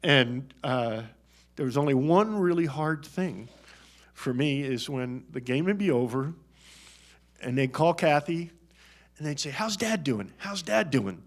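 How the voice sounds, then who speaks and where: A man's voice: medium pitch, measured pace, pauses often. An older man giving a retirement speech at a press conference, folksy and joking, and choked up at times. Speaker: retiring athletics director.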